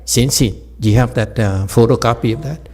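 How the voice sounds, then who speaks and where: Here the teacher's voice sits in the mid range, darkish in tone and fairly quick. He is a man leading an informal Buddhist dharma talk, spinning humorous stories, laughing often and speaking straight to those gathered.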